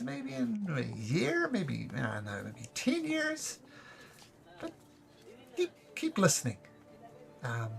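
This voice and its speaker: A man doing a high, kindly minstrel. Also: vocal fry, full character voice. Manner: kindly, flattering, high-pitched.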